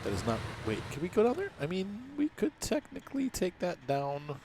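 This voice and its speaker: Stuffed up from allergies, this man comments casually on his gameplay for his gaming channel, rambling through jokes and self-deprecation. His high voice swoops wildly in pitch, with vocal fry and a slightly mellow quality at a moderate pace, over game engine and vehicle sounds.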